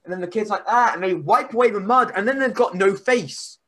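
Rambling podcast guest. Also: male voice, high voice, fairly quick. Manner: rambling, animated storytelling. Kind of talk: casual podcast chat.

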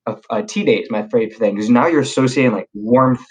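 Animated young man telling stories. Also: medium pitch, fast, poor audio. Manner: animated storyteller, lots of fillers and restarts, slangy. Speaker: podcast guest. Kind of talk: casual storytelling chat.

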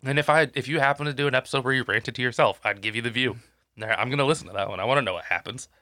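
A man's voice: medium pitch, racing, sharp tone, no echo, clean studio sound. A man co-hosting a podcast while sick and congested, rambling and swearing through casual chat and losing his train of thought. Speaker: podcast co-host. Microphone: podcast microphone.

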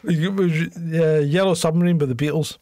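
A man co-hosting a casual podcast, chatty and quick to laugh and argue a point. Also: fairly high pitch, fairly even intonation, dark tone, no room sound, studio quality. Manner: chatty, laughs often, argumentative banter. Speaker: podcast co-host. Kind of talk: casual chat.

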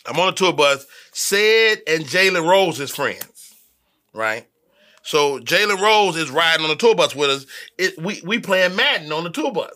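A man's voice: fairly high pitch, normal speed. A male comedian telling stories about his early tour days in a casual podcast conversation. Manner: relaxed anecdote telling. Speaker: comedian, guest. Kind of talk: casual chat.

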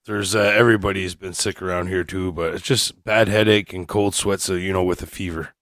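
A man's voice: low-pitched, fairly even intonation, brisk, fairly bright tone, no room sound, clean studio sound. A man guesting on a casual podcast, talking in a laid-back, slangy way.

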